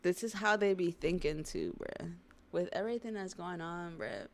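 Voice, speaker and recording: A young woman livestreaming, reading a comic aloud and reacting in casual slangy chat, quick to get excited. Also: fairly low pitch. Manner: slangy and excitable, says bruh and y'all.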